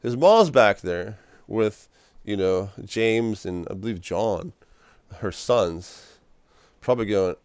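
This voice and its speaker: A man's voice: fairly low pitch, lively intonation, slow pace, a little mellow, smooth, no room sound. A young man rambling through an emotional personal monologue in a small room, stammering and repeating his words. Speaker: vlogger.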